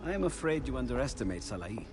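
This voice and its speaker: An actor playing an older Renaissance inventor, gentle, musing and absent-minded. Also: male voice, medium pitch, very animated, quick pace, over music. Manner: gentle, musing, enthusiastic about his research.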